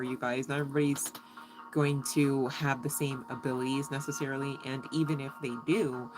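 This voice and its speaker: A woman reads tarot cards in a loose, chatty way, giggling often and swearing without a second thought. Her voice sits unusually deep for a woman. Music plays clearly behind her. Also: rough recording. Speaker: tarot reader. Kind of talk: casual live tarot reading.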